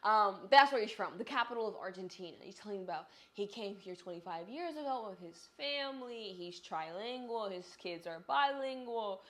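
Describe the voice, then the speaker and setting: A young woman in her twenties, a vlogger telling a chatty, animated story about her travel day straight to the viewer while on the move. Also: mid-range voice, moderate pace, hardly any pauses. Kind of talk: casual storytelling vlog. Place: on the move, traveling through an airport.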